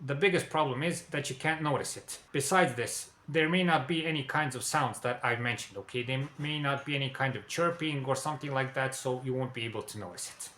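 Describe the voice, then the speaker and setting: Man, car repair tutorial, bright forceful tone, echoey garage, step-by-step explaining, checks in with viewers. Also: mid-range voice, a little fast, hardly any pauses. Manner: repeats "okay?" and addresses "dear viewers". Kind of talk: instructional explainer.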